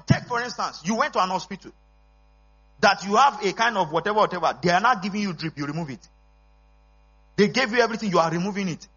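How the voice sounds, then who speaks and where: A man preaching a sermon as pastor, emphatic, with call-and-response and bursts of shouting. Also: high voice, breathy edge. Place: church service. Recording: dull lo-fi recording with mains hum.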